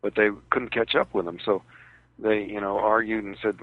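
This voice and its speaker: Telling his story of a personal ordeal as a radio interview guest, a man speaks haltingly over a tinny phone connection. He has a lowish voice and a steady tone, and there's no room sound.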